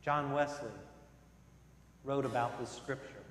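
A male pastor preaching a sermon, swinging between loud emphasis and soft, low passages. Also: steady tone, a little slow, slight background noise. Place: church sanctuary. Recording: echoey church hall with long reverb.

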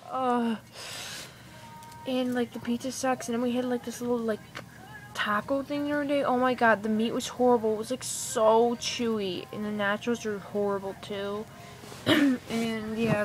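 Gushing teenage girl vlogging. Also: a little high. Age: teens. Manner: gushing, rambling, heavy use of "like" and "oh my god". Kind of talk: casual chat. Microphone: iPod camera.

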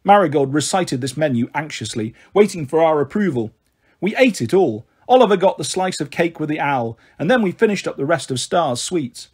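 Male storybook reader, animated, slightly husky. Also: on the high side, normal speed. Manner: expressive, voicing characters. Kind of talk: reading a children's novel aloud.

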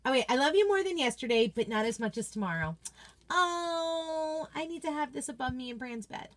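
Female host, high voice, gushing and chatty, casual live craft unboxing. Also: sing-song, quick pace. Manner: gushing, chatty, reads viewer comments aloud. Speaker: craft product consultant and host.

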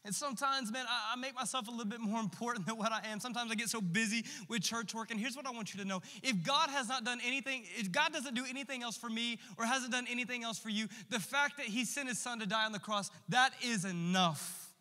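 A man's voice: very high-pitched, fast talker, hardly any pauses, pushed and bright. A man in his thirties preaching a sermon in a church, impassioned and conversational, with casual asides to the congregation. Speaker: pastor. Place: large church hall. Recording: long church-hall reverb.

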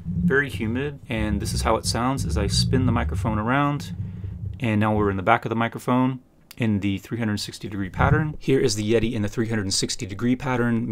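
A man reviewing microphones in a small home room, talking close to a USB condenser mic on his desk and explaining each test step by step in a relaxed, plain way. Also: on the low side. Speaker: tech reviewer. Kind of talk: casual mic test demonstration.

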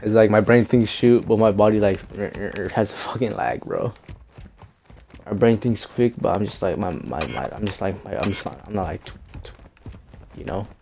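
A man's voice: fairly low pitch, moderate pace, gravelly, slight background noise. A young man giving profane, trash-talking commentary while playing a shooter game. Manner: swears constantly, trash-talks opponents. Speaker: gaming streamer. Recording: loud gunfire game audio behind.

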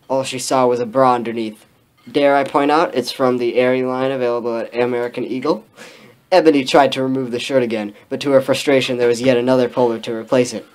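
A man's voice: mid-range voice, steady tone, fast talker. A man reading a bad story aloud for comedy, with laughing, mock-outraged asides. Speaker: comedic reader. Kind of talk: mocking dramatic reading.

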